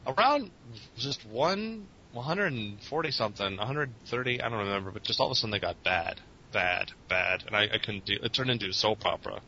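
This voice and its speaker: Man, loose, profane, self-mocking talker, bright edgy tone, dull lo-fi sound. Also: fairly quick. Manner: rambling, profane, self-mocking, laughs often. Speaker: podcast interviewee. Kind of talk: casual chat. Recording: muffled lo-fi recording with faint rumble.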